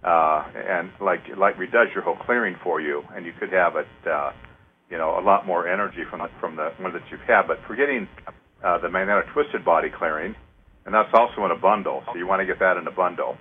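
Man, radio host, meandering and filler-heavy, husky tone, tinny narrow-band sound. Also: low-pitched. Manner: rambling, halting, many fillers, counts aloud slowly. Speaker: host leading an energy clearing. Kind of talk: casual radio talk.

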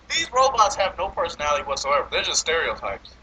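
A man in casual, profane movie review chat, animated and laughing often as he complains. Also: fairly high pitch, quick pace, hardly any pauses, slight background noise, rough recording.

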